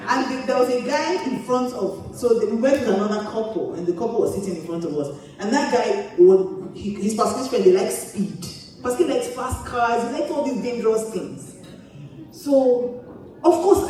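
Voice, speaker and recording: A woman pastor telling a funny story to a church audience, animated and laughing often as she talks. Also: fairly high pitch, moderate pace. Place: church auditorium. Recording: echoey church hall, distant mic.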